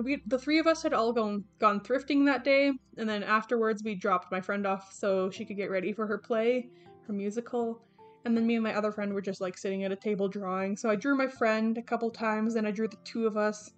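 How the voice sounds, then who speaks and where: This young woman's voice is on the high side, brisk, with fairly even intonation. As an artist vlogger, she rambles casually through her sketchbook, often self-correcting and using fillers, with faint game music in the background.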